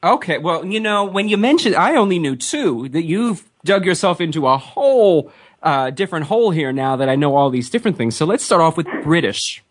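Male interview host, chatty and rambling, fairly high-pitched. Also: very animated, a little fast. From Philadelphia area. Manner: chatty, rambling, laughs often. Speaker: radio show host. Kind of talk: casual interview chat.

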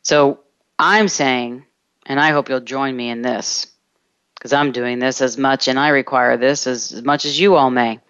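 A self-help podcast host giving a reflective coaching monologue, speaking slowly and deliberately and drawing out words in long lists. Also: mid-range voice, fairly even intonation, fairly bright tone, smooth, no echo, lo-fi sound.

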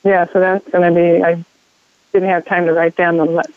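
A woman calling in to a coaching show, talking in a halting, hesitant way. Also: on the low side, flat delivery, dry recording. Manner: halting and hesitant, with fillers and restarts. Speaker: caller. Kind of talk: phoned-in coaching call. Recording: tinny phone line.

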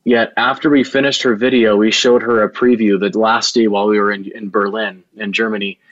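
A man's voice: fairly low pitch, flat delivery, fairly quick, no room sound, dull audio. A man who runs a video production business, telling a long story in an interview with an earnest, rambling manner and many restarts.

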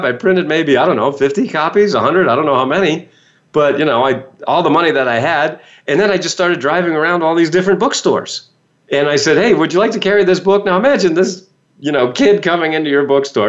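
A man's voice: fairly high pitch, a little fast. A man, a motivational speaker, telling a personal story to an audience and acting out the voices he quotes. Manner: animated, acts out quoted voices. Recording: dull lo-fi sound.

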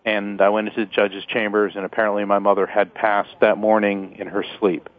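A man, a lawyer and psychic author guesting on an interview show, telling family anecdotes in a lively way and chuckling often. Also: lowish voice, fairly quick. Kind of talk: storytelling interview talk. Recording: tinny phone-like, dry sound.

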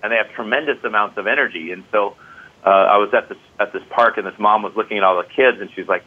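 An enthusiastic male qigong teacher speaks as an interview guest, filling his talk with "you know". His voice sits a little low. The sound is narrow and tinny, like a phone call. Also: fast.

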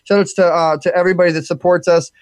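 A man hosting a live talk radio show, wrapping up with energetic, fast shout-outs and frequent repeated words. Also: sits high, no room sound.

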